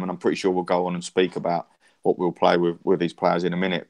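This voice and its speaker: Deep-voiced man ranting about football. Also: darkish tone. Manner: passionate, rambling with restarts and swearing. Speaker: podcast co-host. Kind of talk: casual football chat.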